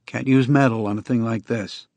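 Man doing a calm, stern reverend. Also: medium pitch, gravelly, dry recording, lightly acted. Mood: reassuring. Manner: measured, reassuring instructions. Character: calm, careful male reverend healer, stern.

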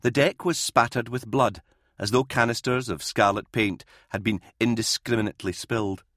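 A man narrating an audiobook in a measured, grave storytelling manner. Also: mid-range voice, fairly even intonation, fairly bright tone, dry recording, clean studio sound. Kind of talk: scripted narration.

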